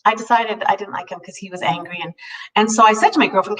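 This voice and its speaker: A woman's voice: medium pitch, fairly quick, fairly bright tone. Earnest middle-aged woman telling a story. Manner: earnest, heartfelt, many restarts. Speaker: co-host. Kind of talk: personal storytelling in a talk show. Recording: voice a bit distant from the mic.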